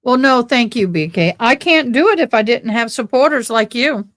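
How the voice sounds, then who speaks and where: A woman's voice: on the high side, animated, moderate pace, a bit bright. A woman with a Texan accent, hosting a casual livestream and rambling as she thanks viewers. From born in Tennessee, raised in Texas. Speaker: livestream host.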